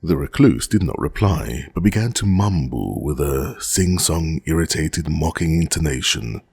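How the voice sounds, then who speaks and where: Very deep, gravelly male narrator. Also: animated, a little slow, few pauses, darkish tone, no echo. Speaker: audiobook narrator. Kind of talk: scripted audiobook narration of a classic novel.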